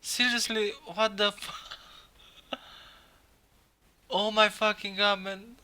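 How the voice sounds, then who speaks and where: A young man live-streaming, reacting in excitement, swearing a lot and laughing often. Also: high-pitched, slow.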